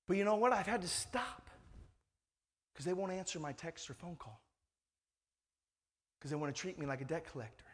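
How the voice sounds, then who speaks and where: A man's voice: high voice, lively intonation, moderate pace, pauses often. A male pastor preaching a sermon in a conversational, emphatic way, full of rhetorical questions.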